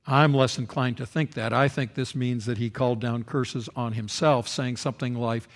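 A male pastor delivers a sermon in a voice of middle pitch. He shifts his volume a lot, rising loud for emphasis and falling soft and solemn. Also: normal speed, hardly any pauses. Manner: expressive preaching, rising loud for quoted speech and dropping soft for solemn lines.

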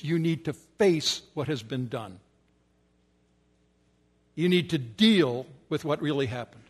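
A man preaching a sermon with emphatic repetition, often dropping to soft, low tones. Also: slightly rough.

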